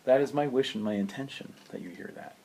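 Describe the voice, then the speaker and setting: A man giving a spoken piano lesson, unhurried and thoughtful, who sings rhythms and counts beats aloud. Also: mid-range voice, creaky, a little mellow, slight background noise. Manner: unhurried, thoughtful, with many fillers. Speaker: piano teacher.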